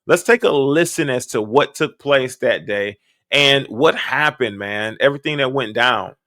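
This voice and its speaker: Bright, blunt man on a podcast mic. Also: mid-range voice, a little slow, no echo, studio quality. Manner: blunt, slangy and emphatic. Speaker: podcast host. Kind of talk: reaction commentary.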